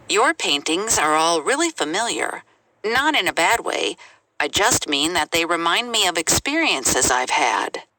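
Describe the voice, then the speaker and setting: Lively woman reading example sentences. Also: fairly low pitch, no room sound. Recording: noisy recording.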